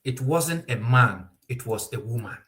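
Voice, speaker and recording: A man giving an impassioned commentary monologue, mocking and animated, often laughing and jumping high in pitch. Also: measured pace. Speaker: political commentator.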